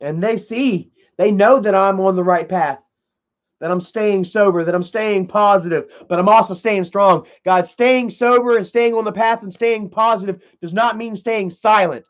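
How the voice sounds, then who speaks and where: High-voiced man rambling with profanity. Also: normal speed, lo-fi sound. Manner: loose, profane, repeats "man" and "you know". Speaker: live streamer. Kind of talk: rambling casual live-stream talk.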